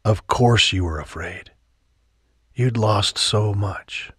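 An earnest, remorseful young man from a romance audiobook, voiced by a male narrator close to his own voice. Low and husky, with emphatic lines and dry, close-miked sound. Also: slow pace, a bit bright, no echo, full character voice.

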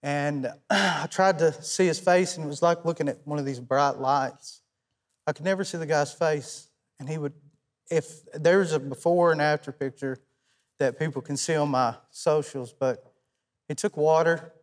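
Soft-spoken East Tennessee man, halting. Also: on the high side. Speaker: guest musician. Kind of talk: talk show interview.

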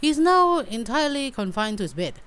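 A woman's voice: a little high, sing-song, fairly quick, a bit bright, smooth, voice pushed up. A woman voicing a flustered older female housekeeper in a game, fussy and apologetic.

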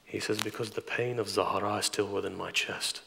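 A man preaching a grieving, impassioned mourning sermon, moving from hushed asides to loud lament in a large hall. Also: on the low side, fairly even intonation, moderate pace, vocal fry, a little hiss or hum. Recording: long hall reverb.

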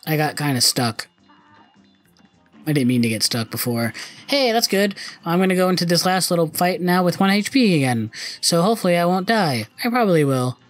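A man's voice: on the high side, lively intonation, brisk, soft background music. A young man commenting on his own gameplay, frustrated and cursing often. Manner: frustrated, swearing, muttering.

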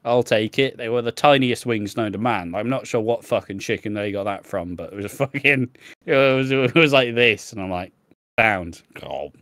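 A man's voice: mid-range voice, moderate pace, a bit bright, no echo, studio quality. A young man co-hosting a podcast in casual chat, rambling and swearing freely, laughing often and losing his train of thought. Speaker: podcast co-host.

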